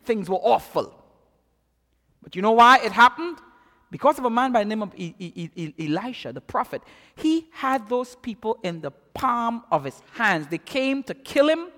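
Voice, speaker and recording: A man preaching with great animation, stumbling over repeated words as he builds. His voice is very high and bright with wide swings of pitch. A long hall reverb trails every phrase. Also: sing-song, normal speed. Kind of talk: sermon.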